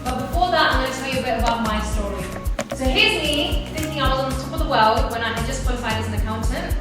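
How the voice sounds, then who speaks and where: A woman's voice: sits high, fast talker. A woman speaking upbeat and chatty to an audience, telling her own story. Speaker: speaker at a networking event. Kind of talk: personal talk to an audience. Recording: echoey hall, speaker far off, loud music.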